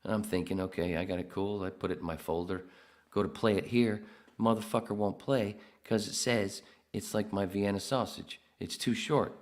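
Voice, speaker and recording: A man's voice: fairly low pitch, fairly even intonation, moderate pace, few pauses. A man hosting a podcast alone, reading the live chat aloud with crude, self-mocking jokes. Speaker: podcast host. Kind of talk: solo livestream chat reading.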